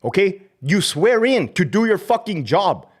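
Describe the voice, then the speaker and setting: This livestream host, a middle-aged man who used to be a corrections officer, answers chat while tearing into his former job. His voice is high with big pitch swings, and he takes his time. The rant is profane, mocking and fired-up, sprinkled with Spanish slang.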